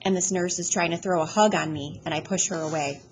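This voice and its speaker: A woman reading a first-person audiobook chapter aloud in a plain, steady storytelling manner. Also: on the low side, a little fast, a little hiss or hum, low-quality recording. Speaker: audiobook reader.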